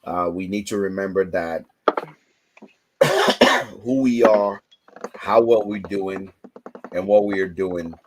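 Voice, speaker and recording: A man hosting a casual livestream chat, telling stories with lively, loud acted-out quotes. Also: sits low, slow pace, long pauses, background noise. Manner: animated storytelling, acts out quotes loudly. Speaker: host.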